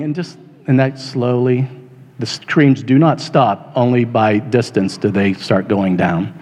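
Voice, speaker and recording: A man's voice: medium pitch, darkish tone, dull audio. Male pastor, mid-range voice, casual sermon full of ums, swells with passion, long hall reverb. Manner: conversational, halting with fillers, rising to impassioned retelling.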